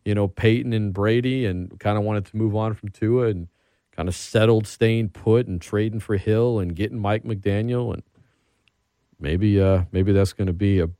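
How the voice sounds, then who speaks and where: A man's voice: fairly low pitch, moderate pace, clear, resonant tone, no room sound, clean studio sound. A man hosting a casual sports talk show, rambling and getting worked up as he talks. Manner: animated, rambling, gets worked up. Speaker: podcast host.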